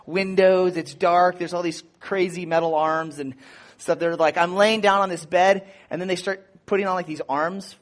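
A man with a high, light voice preaches in a loose, conversational way. He is lively and animated, full of "like" and "you know", and he jumps into a higher shout whenever he acts out a scene. He sounds like a pastor telling a story to his congregation. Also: normal speed. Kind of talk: casual sermon with personal story.

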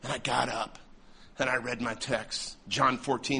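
A man preaching a humorous storytelling sermon, animated and laughing often. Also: mid-range voice, a little slow, gravelly, slightly rough.

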